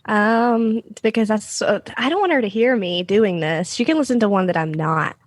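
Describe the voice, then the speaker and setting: A woman with a Southern American accent, giggly and self-deprecating, talking at a middle pitch. Her voice is close and dry, as if on a home microphone. She speaks as a podcast guest in casual chat. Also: expressive, moderate pace, dry recording. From Southern United States. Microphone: mailed camera and microphone at home.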